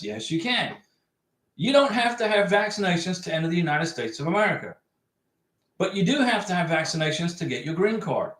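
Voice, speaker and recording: A man's voice: high-pitched, very animated, normal speed, a bit bright. A man hosting a livestream, reading out viewer comments and giving advice in a chatty way, repeating his points for emphasis. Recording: echoey room.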